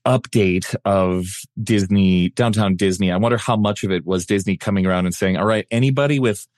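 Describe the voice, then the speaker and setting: A man with a fairly low voice chats easily on a podcast, wry and a little hesitant as he restarts his sentences. The recording is dry and close. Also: steady tone, normal speed, darkish tone, no room sound. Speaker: podcast co-host. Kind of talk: casual chat.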